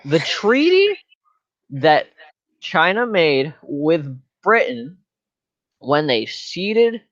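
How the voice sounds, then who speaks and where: A man's voice: fairly high pitch, very animated, extremely slow, a bit bright, dry recording, highs cut off. Slangy joking young man. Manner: slangy, rambling, mock-serious. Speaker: student presenter. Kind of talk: comedic class presentation.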